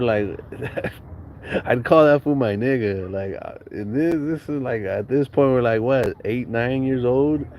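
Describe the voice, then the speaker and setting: A man's voice: mid-range voice, a little mellow, slight background noise. Slangy, profane man telling stories. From Southern California. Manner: slangy, profane, laughs often. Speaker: podcast guest storyteller. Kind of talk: casual storytelling.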